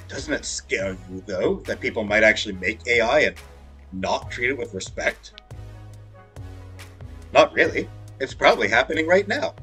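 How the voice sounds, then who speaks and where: A man's voice: mid-range voice, big pitch swings, moderate pace, sharp tone, faint music behind. A man playing a video game and reading its dialogue aloud, with playful, jokey asides. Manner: playful, jokey asides between read lines. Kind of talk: let's play, reading dialogue in character voices.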